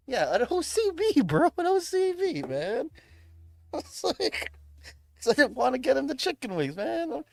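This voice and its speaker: Casually recounting a story on a livestream, this young Chicago-area man swears heavily, laughs often and keeps saying "bro" and "man." He speaks in a very high voice, and the recording has no room sound.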